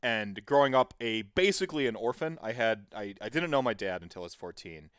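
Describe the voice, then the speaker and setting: A man's voice: lowish voice, animated, fairly quick, a bit bright, clean tone, no room sound, studio quality. A man hosting a podcast in casual chat, rambling and digressive as he tells stories. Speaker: podcast host.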